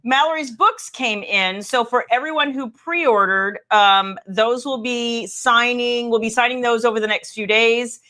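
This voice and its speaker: A woman's voice: on the high side, sharp tone. A woman hosting her own livestream, chatting casually with viewers and teasing her co-host. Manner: chatty, teasing, quick asides.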